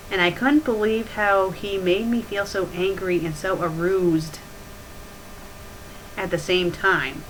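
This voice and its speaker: A woman's voice: fairly low pitch, steady tone, takes it slowly, a little hiss or hum, rough recording. A woman hosting a comedic review, reading bad fan fiction aloud and mocking it with sarcastic asides.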